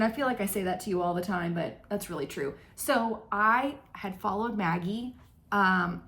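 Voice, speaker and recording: A woman's voice: mid-range voice, fairly bright tone. A woman in her thirties hosting a casual stitching vlog, chatting in a rambling, self-deprecating way with lots of ums. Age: 30s. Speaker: flosstube host. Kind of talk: casual chat to camera. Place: home craft room.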